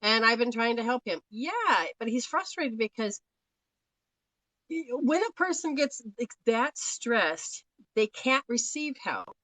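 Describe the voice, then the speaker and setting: A woman's voice: a little high, expressive, unhurried, a bit bright, no room sound, rough recording. A woman from Australia giving live spiritual readings in a chatty, rambling way, laughing often. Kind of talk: live-stream talk.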